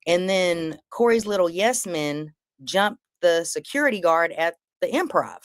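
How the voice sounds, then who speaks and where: A woman with a fairly low voice tells a story on a live panel, jumping up high to act out the lines she quotes. She curses freely as she talks. Her voice sounds close and dry. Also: lively intonation, measured pace, no room sound. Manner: acts out quotes with big pitch jumps, swearing freely. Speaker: comedian guest telling a story.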